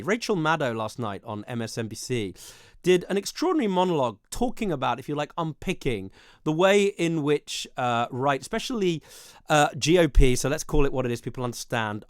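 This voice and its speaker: Man, TV host, political interview, measured, many fillers, medium pitch, dry close sound. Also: dry recording.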